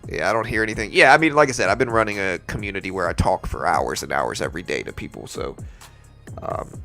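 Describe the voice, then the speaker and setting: A man's voice: low-pitched, lively intonation, fast talker, vocal fry, bright, forceful tone, soft background music. Chatty man with a light South Louisiana accent. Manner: chatty, answers viewer chat while calling market moves. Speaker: live-stream trading host. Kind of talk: casual live-stream commentary.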